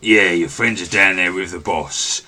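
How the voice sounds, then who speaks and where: Bloke doing a cocky goblin guard, low and taunting. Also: male voice, moderate pace, pushed and bright, slight background noise. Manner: taunting, bullying. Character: cocky male goblin guard, bossy and sneering.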